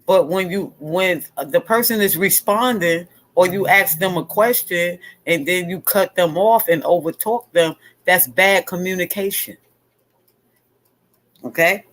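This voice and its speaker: Slow, emphatic woman host speaking bluntly. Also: fairly low pitch. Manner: blunt, emphatic, repeats points for stress. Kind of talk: casual chat.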